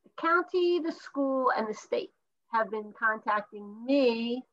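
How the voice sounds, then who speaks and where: A stuffy, tired woman chatting on a video call, her voice sitting a little high. She tells her story in a rambling way, restarting sentences as she goes. The sound is dull and lo-fi, like call audio. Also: expressive, slow, fairly bright tone, a little hiss or hum. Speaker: podcast co-host. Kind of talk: casual chat over video call.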